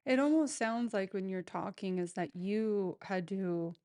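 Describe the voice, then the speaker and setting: A woman's voice: medium pitch, expressive, a little slow, a little mellow. A woman hosting a podcast interview, asking supportive, reflective questions. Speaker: podcast host. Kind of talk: interview conversation.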